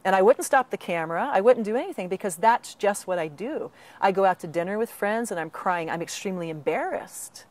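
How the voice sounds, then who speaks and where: A woman's voice: mid-range voice, a little fast, hardly any pauses. Earnest woman giving interview advice. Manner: earnest, with animated acted quotes. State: slight breathing trouble. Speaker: author and patient advocate. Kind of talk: interview answer.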